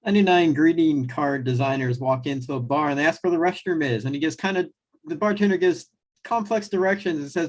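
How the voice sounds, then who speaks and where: A man's voice: a little high, brisk. A man performing in an online improv game, telling pun jokes in a laid-back way with surfer-style slang.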